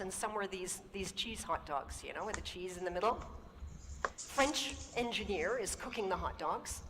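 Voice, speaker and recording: Woman telling a story in a reverberant hall. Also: medium pitch. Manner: animated, puts on accented voices for quoted people. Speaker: conference speaker. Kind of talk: storytelling talk on stage. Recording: hall reverb and noisy talk recording.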